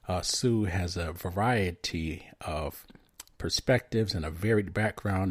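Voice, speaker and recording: A man hosting a podcast and interviewing a guest in a friendly, halting way with some restarts. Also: deep voice, breathy edge, no room sound, studio quality. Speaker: podcast host.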